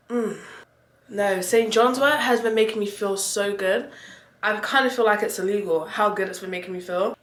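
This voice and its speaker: A young woman chatting casually in a vlog, playful and quick to laugh. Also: medium pitch, a bit bright, echoey room. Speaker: vlogger.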